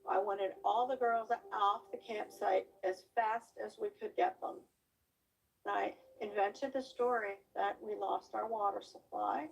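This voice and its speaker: An older woman gives a documentary interview as a former camp leader. She speaks with a rough, fry-laden, breathy voice at a very slow, measured pace. She sits at some distance from the microphone. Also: mid-range voice, steady tone.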